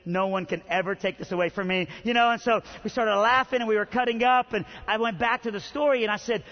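A man delivers a sermon in a high voice. He tells a story lively, acting out the voices in it and rising to near shouts. The sound is muffled and rings with long reverb from a big hall. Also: fast, hardly any pauses. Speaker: pastor.

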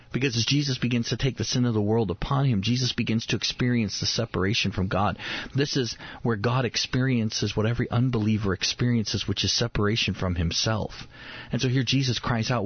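A man's voice: mid-range voice, normal speed, breathy edge, no echo. A man in his thirties hosting a devotional radio talk, earnest, often repeating words as he builds a point. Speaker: radio host. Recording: dull lo-fi radio recording.

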